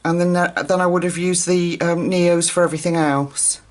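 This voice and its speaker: A woman's voice: lowish voice, fairly even intonation, normal speed, hardly any pauses. A grandmother chatting casually on her coloring channel, rambling and enthusiastic as she shows her pages. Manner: chatty, rambling, self-correcting, warmly enthusiastic.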